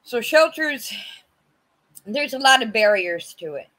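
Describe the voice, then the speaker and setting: A woman testifying about her own past on a virtual panel, speaking haltingly with many fillers and restarts over a video call. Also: fairly high pitch, lively intonation, a bit bright, low-quality recording. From California. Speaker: community advocate sharing her story.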